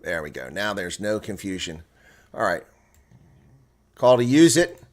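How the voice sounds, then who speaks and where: With a lowish voice and a measured pace, this man commentates rugby live on his own, calling plays and reacting. He gets excitable and exclaims, talking to viewers in between plays.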